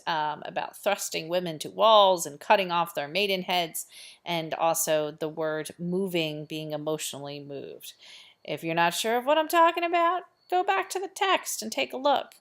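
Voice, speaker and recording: A woman's voice: lowish voice, a bit bright. A woman teacher explaining a play in a chatty lesson, posing rhetorical questions to her students. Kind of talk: recorded literature lesson.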